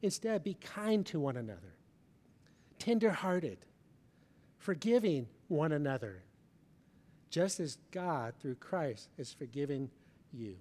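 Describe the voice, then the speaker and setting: A middle-aged man preaching in a large church hall, his slightly raised voice carrying a long reverb. He tells his story with feeling, pressing hard on some lines and dropping almost to a hush on others. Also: on the high side, big pitch swings, slow pace, long pauses. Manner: storytelling with emotional swings, from loud emphasis to soft near-whispers. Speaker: pastor. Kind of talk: sermon.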